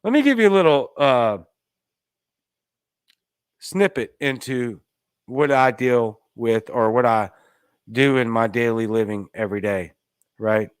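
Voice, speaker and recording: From Louisiana, this podcast host delivers an opinionated commentary monologue as a sarcastic, emphatic rant, his pitch rising as he gets going. He sounds animated but keeps a measured pace with long pauses. The studio recording is clean with no echo.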